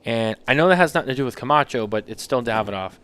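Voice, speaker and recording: A man co-hosting a casual talk show, telling animated, rambling anecdotes. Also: medium pitch, fast talker, smooth. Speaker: podcast co-host. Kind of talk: casual chat, storytelling.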